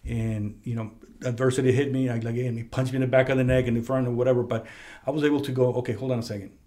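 A man hosting a casual talk, telling a personal story in a conference room, lively when he quotes other people. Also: medium pitch, quick pace. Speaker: podcast host. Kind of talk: casual conversation. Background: heater running.

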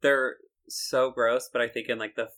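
A man's voice: mid-range voice, little pitch movement, normal speed, fairly bright tone. A man co-hosting a podcast, chatting casually about a cartoon and laughing often. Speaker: podcast co-host. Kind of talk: casual chat reviewing a cartoon.

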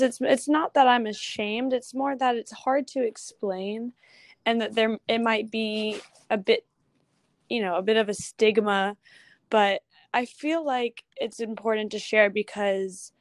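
A woman's voice: mid-range voice, no echo. Young woman, casual interview guest, rambling storyteller; dry recording. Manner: chatty, with restarts and quick asides. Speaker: guest photographer.

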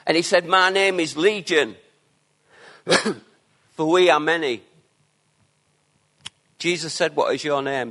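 A man preaching a sermon, earnest and emphatic, with quieter asides between his declarations. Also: sits high.

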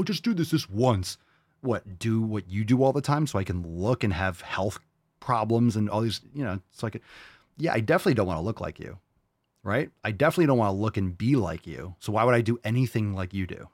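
A man's voice: on the low side, darkish tone, dry recording, clean studio sound. A young adult man hosting a podcast, answering listener questions in a blunt, heated, profane rant and mocking other people in a raised voice. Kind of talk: casual rant.

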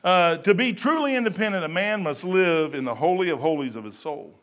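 A man preaching a sermon in a folksy, rambling way, swinging between loud bursts and quiet asides. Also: high-pitched, expressive, a little fast. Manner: folksy and rambling, with stumbles and chuckles.

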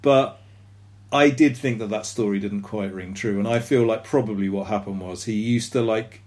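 A man's voice: fairly low pitch, normal speed, darkish tone. A man co-hosting a podcast in casual chat, rambling and self-deprecating with lots of fillers. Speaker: podcast co-host.

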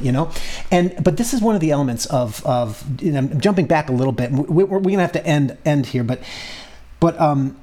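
A man in a casual discussion, talking haltingly with many restarts and fillers. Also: on the high side, animated, darkish tone.

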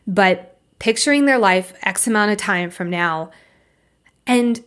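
A woman's voice: medium pitch, lively intonation, moderate pace. A young adult woman life coach hosting a podcast, talking candidly and emphatically in a casual monologue, with the odd curse word.

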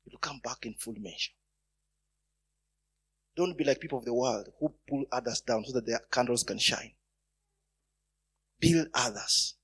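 A man preaching a sermon, telling stories and breaking into loud bursts of emphasis. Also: mid-range voice, moderate pace, long pauses, breathy edge.

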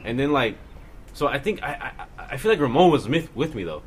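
Animated young man telling a story. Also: medium pitch, fairly quick, slight background noise. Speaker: podcast host. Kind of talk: casual chat.

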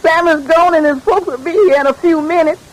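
An actress playing a frightened, crying housemaid who pleads anxiously in a 1940s radio drama. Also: female voice, extremely high pitch, fairly quick, a little hiss or hum, poor audio. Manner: pleading, dialect speech.

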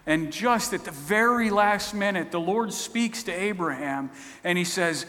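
A man's voice: high-pitched, animated, a little slow, bright, forceful tone. A man preaching a sermon, retelling stories in a conversational, storytelling way. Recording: long hall reverb.

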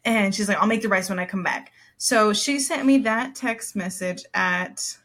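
Speaking at a moderate pace in a mid-range, slightly bright voice, this young woman co-hosts a podcast. She's a chatty storyteller who laughs a lot and leans on fillers.

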